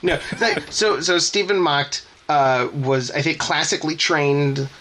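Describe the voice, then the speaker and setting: A man's voice: a little high, measured pace, bright, forceful tone. A man co-hosting a podcast, talking in a casual, rambling way, often breaking off mid-sentence and laughing. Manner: rambling, self-interrupting, laughing. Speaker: podcast co-host. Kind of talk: casual chat.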